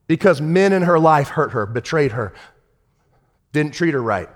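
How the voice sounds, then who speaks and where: A man pastor preaching a sermon, swinging from shouted rebukes to hushed, tender storytelling. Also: on the high side, lively intonation, a little slow, long pauses. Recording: long hall reverb.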